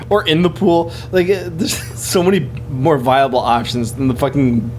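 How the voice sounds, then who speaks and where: A man's voice: a little high, steady tone, unhurried, darkish tone, a little hiss or hum. A man co-hosting a horror podcast, chiming in with blunt, swearing remarks. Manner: blunt, swearing, agreeing banter. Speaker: podcast co-host. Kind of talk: casual movie chat.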